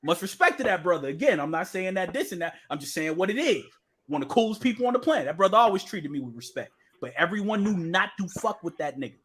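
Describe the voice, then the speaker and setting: A young man co-hosting a podcast, telling stories in a loud, profane, laughing casual chat. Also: high voice, fast talker, breathy edge. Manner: animated storytelling, profane, laughing. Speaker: podcast co-host.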